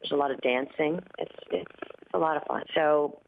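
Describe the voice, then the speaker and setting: A woman talks through a thin, phone-like line, her voice a bit groggy and dry after a red-eye flight. She chats easily as a guest, with fillers and quick laughs along the way. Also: deep voice, creaky, a little hiss or hum. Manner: chatty, laughs often, many fillers. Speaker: singer and guest. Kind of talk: casual interview chat. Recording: tinny phone-line audio.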